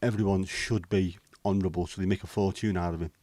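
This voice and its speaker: A man's voice: low-pitched, fairly even intonation, quick pace, mellow, no echo. A man, hosting a casual livestream chat, bantering with viewers and swearing casually. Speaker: livestream host.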